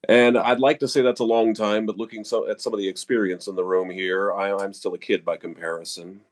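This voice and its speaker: Deep-voiced older man sharing. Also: level tone, brisk. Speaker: martial arts student sharing. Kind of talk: casual sharing.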